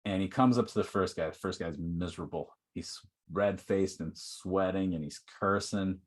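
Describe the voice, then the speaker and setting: A man's voice: low-pitched, moderate pace. A man presenting a workshop in an online teaching talk, speaking conversationally with many "like"s and "okay"s.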